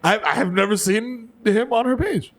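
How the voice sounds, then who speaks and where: A man in his thirties from the Bronx with a New York accent, co-hosting a podcast, excitable and full of exclamations. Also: sits high, normal speed. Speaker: podcast co-host. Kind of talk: casual comedic banter. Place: studio.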